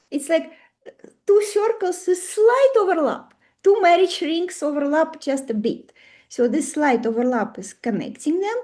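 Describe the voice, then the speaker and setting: A woman's voice: high-pitched, dark tone. A woman with a Russian accent teaching an online astrology class. She talks in a chatty way and keeps asking the class questions.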